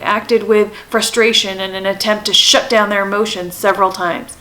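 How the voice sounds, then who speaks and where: A woman in her thirties with a slightly high, somewhat bright voice hosts a parenting channel, heard on a rough recording. She gives advice to camera earnestly, repeating her questions for emphasis.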